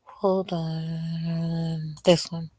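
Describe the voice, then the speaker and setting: A woman's voice: sits low, little pitch movement, drawn-out words, warm tone. A woman hosting a casual livestream, talking straight to her chat while losing her voice. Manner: chatty, talks straight to the chat. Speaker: livestream host.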